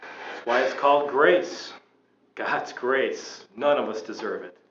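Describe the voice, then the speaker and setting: A man playing an earnest, gentle apostle. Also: mid-range voice, slow pace, slight background noise. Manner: earnest, consoling, preaching. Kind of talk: church skit acting. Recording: roomy, slightly dull recording with faint ambience.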